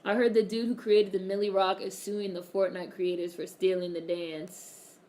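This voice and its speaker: A woman's voice: medium pitch, flat delivery, moderate pace, warm tone. Woman streamer, casual and chatty, reads comments aloud, salty language, frequent laughter. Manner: chatty, swears freely, laughs often. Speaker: live streamer. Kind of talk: casual live-stream chat, reading viewer comments.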